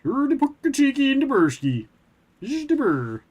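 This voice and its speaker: A man's voice: very high voice, huge pitch swings, moderate pace, a little mellow, voice pushed up, exaggerated voice. A man doing an impression of the Swedish Chef, a bumbling Muppet cook babbling sing-song mock-Swedish gibberish in a raised voice. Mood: silly.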